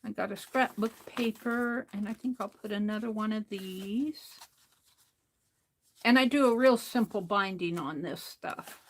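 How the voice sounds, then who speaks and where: A woman's voice: mid-range voice, measured pace. A woman chatting casually while she crafts at home, rambling and talking to herself as she works. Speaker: art livestreamer.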